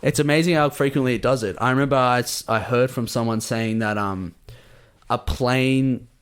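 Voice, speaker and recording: A man's voice: mid-range voice, normal speed, clean tone. A young man with an Australian accent chats loosely with a friend on a podcast. He tells stories with lots of fillers and acts out what people said. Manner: animated storyteller, acts out quotes. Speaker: podcast co-host. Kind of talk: casual chat.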